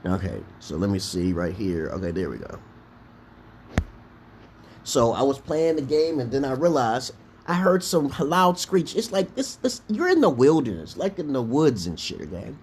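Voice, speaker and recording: A man's voice: medium pitch, very animated, moderate pace, darkish tone, slight background noise. A man from Brooklyn, hosting a casual livestream and telling a rambling, profane story full of restarts. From Brooklyn, New York, USA. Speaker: livestream host.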